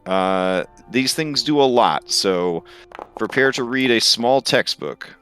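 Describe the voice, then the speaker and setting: A man narrating as game master of a tabletop game, with a relaxed, hesitant delivery full of fillers. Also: mid-range voice, slow. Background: faint music.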